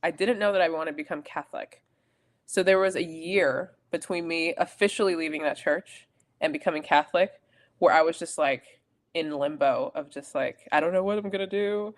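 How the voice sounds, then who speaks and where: Young female podcast co-host with a low, casual voice, rambling storyteller. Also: normal speed. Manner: rambling storytelling with self-corrections and laughs. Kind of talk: casual chat.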